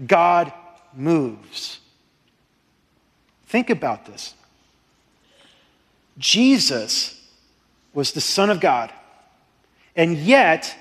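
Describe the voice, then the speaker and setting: A man preaching a sermon as pastor, passionate and excitable, swinging between loud fervent prayer and hushed urgency. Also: on the high side, drawn-out words, pauses often. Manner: impassioned, rising to near-shouting prayers, then dropping quiet. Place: church sanctuary. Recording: long hall reverb.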